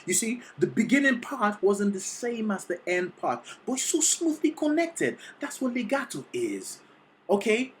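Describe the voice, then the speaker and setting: Excitable vocal coach with a lively voice. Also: mid-range voice, a little slow, background noise. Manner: excitable, sings short demonstrations between explanations; teacherly, keeps checking in with "okay?". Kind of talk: reaction video commentary.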